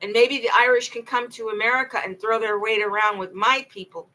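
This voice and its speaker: A woman's voice: a little high, fairly even intonation, a little fast, hardly any pauses, bright, forceful tone, low-quality recording. A woman talking alone late at night, telling her own story in an impassioned, rambling way and often repeating herself. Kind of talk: late-night monologue to camera.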